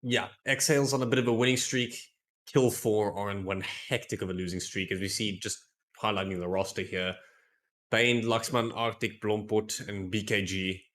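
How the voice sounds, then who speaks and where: Low-voiced male esports stats analyst. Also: steady tone, a bit bright. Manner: measured, stat-focused, wry. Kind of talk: pre-match stats analysis.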